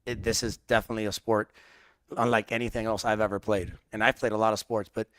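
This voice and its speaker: An earnest man talks enthusiastically in a casual interview. His mid-pitched voice is smooth and sounds dry. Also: flat delivery, quick pace, no echo. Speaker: player being interviewed.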